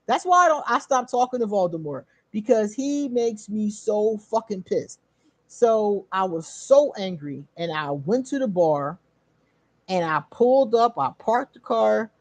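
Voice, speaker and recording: A woman hosting her own channel, casually telling a story straight to her viewers, animated, laughing often and swearing freely. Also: medium pitch, dry recording. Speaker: channel host.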